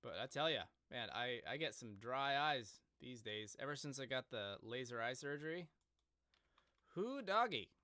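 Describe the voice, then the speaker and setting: A man's voice: medium pitch, expressive, moderate pace, sharp tone, dry recording. A man chatting casually on a live stream, rambling and joking at his own expense. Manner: joking, rambling, self-deprecating.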